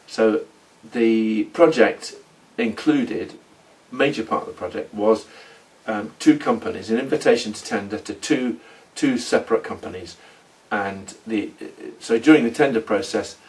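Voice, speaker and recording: A middle-aged man telling his story in a rambling, halting role-play monologue. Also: lowish voice, a little mellow, recorded from a distance. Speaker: former oil company manager in a role-play.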